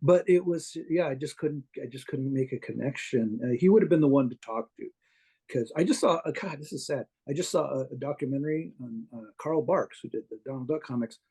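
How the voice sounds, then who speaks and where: A man with a soft, mellow, slightly hoarse voice sits in as a guest on a casual interview. He tells long anecdotes in a loose, meandering way, breaking off and restarting his sentences and chuckling as he goes. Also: medium pitch, a little fast. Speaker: guest comic artist.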